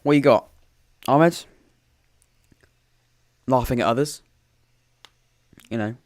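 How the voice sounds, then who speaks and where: A man's voice: medium pitch, slow. A man hosts a live football watchalong from home, talking in a loose, rambling way. He keeps breaking off and restarting, and drops dry, sarcastic remarks between bits of play-by-play. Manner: rambling, self-interrupting, dry sarcastic asides. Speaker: podcast host commentating a live watchalong. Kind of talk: casual live match commentary and chat.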